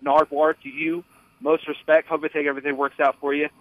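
A man's voice: on the high side, little pitch movement, quick pace, no room sound. A man phoning into a radio show, eager and earnest. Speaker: caller. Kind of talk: phone-in call. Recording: muffled phone line.

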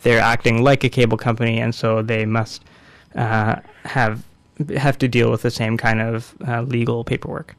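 A man in casual discussion, explaining a court case in a measured way with frequent fillers. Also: mid-range voice, flat delivery, clear, resonant tone, dry recording.

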